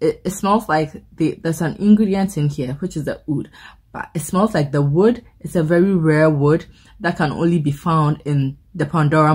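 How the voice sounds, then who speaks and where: A woman's voice: deep voice, darkish tone, slightly rough. A woman reviewing perfumes in a casual, chatty vlog, rambling into playful movie comparisons and often repeating words as she restarts. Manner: frequent word repeats and restarts.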